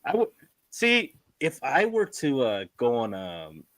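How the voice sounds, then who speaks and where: A man hosting a podcast in casual chat, telling stories in an animated way and swearing freely. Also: mid-range voice, slow pace, no room sound. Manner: animated storyteller, acts out quotes in put-on voices; swears casually, many fillers. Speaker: podcast host.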